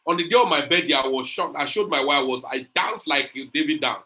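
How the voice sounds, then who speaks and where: Man, slightly high and forceful, preachy motivational speaker who repeats himself. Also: expressive, quick pace. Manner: preachy, repeats phrases, retells conversations. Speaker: crypto community leader. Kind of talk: motivational online talk.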